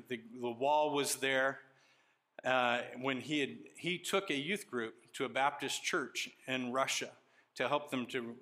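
A middle-aged man preaching a sermon as pastor, reading scripture aloud and telling stories in an animated way. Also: a little high.

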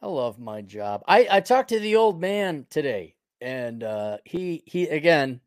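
A man's voice: fairly high pitch, big pitch swings, unhurried, no echo. A middle-aged man hosting his own podcast, talking in a rambling, sarcastic, opinionated monologue full of restarts and chuckles. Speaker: podcast host.

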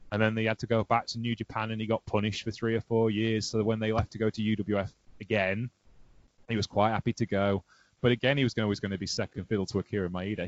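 A man hosting a casual wrestling podcast, chatty and animated, laughing often as he tells stories. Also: fairly low pitch, husky, no echo. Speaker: podcast host. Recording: dry, dull lo-fi sound.

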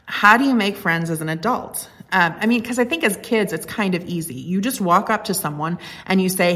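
Woman, pastor, low-pitched voice, conversational sermon, earnest, reflective storytelling. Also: normal speed, fairly bright tone.

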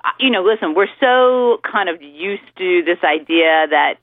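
A woman's voice: lowish voice, lively intonation, unhurried, no echo. A woman guest on a political talk radio show, talking a lot with many fillers over the phone. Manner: talkative, hesitant fillers, laughs easily. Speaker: legal commentator guest. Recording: tinny phone line.

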